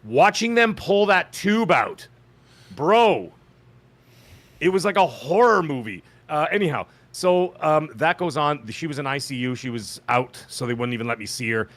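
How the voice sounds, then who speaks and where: A man at a middling pitch hosts a casual podcast, telling a story in a loose, chatty way. He gets animated as he talks, and his voice jumps up sharply whenever he imitates the people in his story. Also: normal speed. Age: adult with children. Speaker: podcast host.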